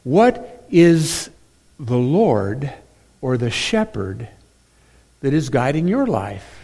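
A man preaching a sermon as pastor, emphatic, swinging between loud stressed phrases and quiet drops. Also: mid-range voice, sing-song, very slow, husky.

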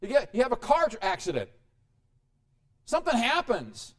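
A man preaching a sermon, dramatic, with sudden rises and quiet drops. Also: very high-pitched, wildly swooping pitch, normal speed.

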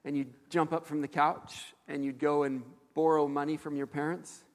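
A man preaching a sermon as a pastor, telling stories in an animated way with frequent fillers. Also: a little high, normal speed, in a large hall.

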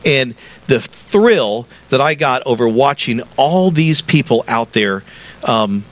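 A middle-aged pastor preaching a sermon in a church. His delivery is conversational and friendly, with a mid-range pitch, and he builds to animated, emphatic peaks. His voice sits easily in a church sanctuary. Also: takes it slowly.

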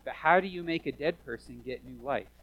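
A man preaching a sermon as pastor, animated, swinging from hushed asides to loud emphatic lines, in a church. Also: mid-range voice, fairly quick, lo-fi sound.

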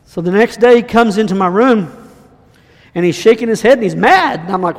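A man's voice: sits high, animated, a little fast, vocal fry. A man preaching and declaring over a congregation in a fervent, repetitive style. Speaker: guest preacher. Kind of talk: sermon and prophetic declaration. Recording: hall reverb.

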